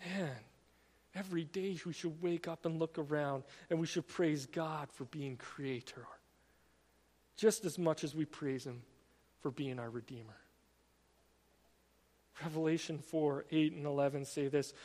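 Male preacher, high voice, emphatic and earnest, reverberant hall sound. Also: steady tone, a little mellow. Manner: earnest, emphatic preaching with slowed stressed phrases and repetitions. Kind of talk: sermon.

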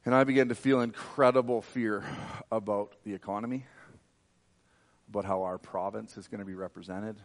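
A man preaching a sermon, fervent and emphatic, telling a personal story. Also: lowish voice.

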